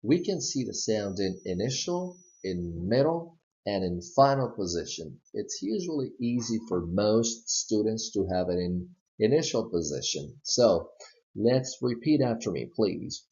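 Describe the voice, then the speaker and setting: Slow Southern-accented male teacher. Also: on the low side, big pitch swings, warm tone. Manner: slow, modeling words with exaggerated repetition. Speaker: English pronunciation teacher. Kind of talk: slide-based pronunciation lesson. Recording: dull lo-fi recording.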